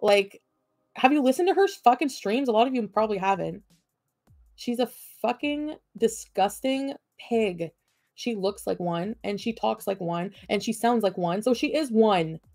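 A woman's voice: fairly high pitch, expressive, unhurried, a little mellow, no echo, soft background music. A woman streaming from home, ranting at her chat in a profane, combative and sarcastic way. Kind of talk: livestream rant at chat.

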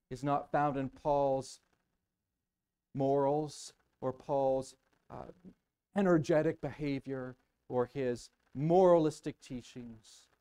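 A man preaching a sermon as pastor in a church, dramatic and emphatic, repeating words for weight and swinging from hushed murmurs to loud outbursts. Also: medium pitch, rough recording. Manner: emphatic repetition. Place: church sanctuary.

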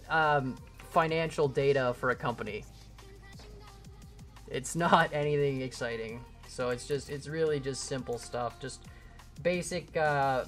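A man's voice: a little high, a bit bright. A man livestreaming a building game, chatting casually and answering chat questions in a rambling, self-deprecating way. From Canada. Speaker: gaming livestreamer.

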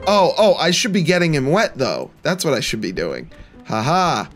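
A man's voice: on the high side, big pitch swings, normal speed, faint music behind. A young man giving playful let's-play commentary, laughing often and mock-taunting the characters in the game. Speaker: gaming channel host.

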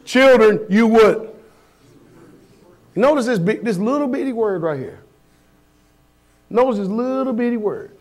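A man preaching a sermon as pastor, firing blunt rhetorical questions at his congregation in a folksy, emphatic way. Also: high voice.

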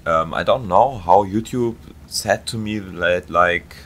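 A man's voice: low voice, takes it slowly, a bit bright. A man with a German accent commentating on a game replay, hesitant and searching for English words. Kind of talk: gameplay commentary.

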